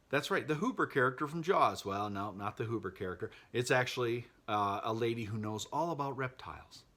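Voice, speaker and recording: A man's voice: medium pitch, a bit bright. Regular guy retelling a fave movie, jokey and wry, laughs at the dumb bits. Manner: chatty and wry, laughing at the plot. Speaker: movie vlogger. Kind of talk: casual movie recap.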